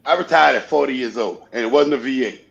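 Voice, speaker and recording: Gravelly fervent man on a muffled call. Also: medium pitch, quick pace, a bit bright, slight background noise. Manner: fervent, rambling, repeats phrases. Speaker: panel guest. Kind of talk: casual panel chat.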